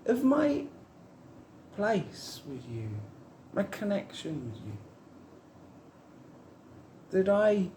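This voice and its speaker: A man's voice: high voice, huge pitch swings, very slow, pauses often, a little mellow, reverberant, slight background noise. A man giving a rambling, heartfelt spiritual monologue to camera, musing on love and trust.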